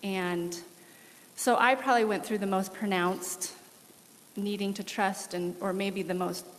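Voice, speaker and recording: A woman in her forties, a missionary guest, giving an earnest and animated testimony with laughs during a church service. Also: mid-range voice, a little slow. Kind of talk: candid testimony in an interview. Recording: long hall reverb.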